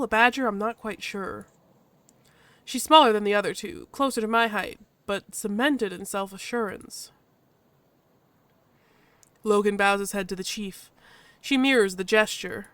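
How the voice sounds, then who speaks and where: A woman hosting a game playthrough who reads the narration aloud and chats in a lively, casual way. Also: mid-range voice, no room sound. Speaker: let's-play host.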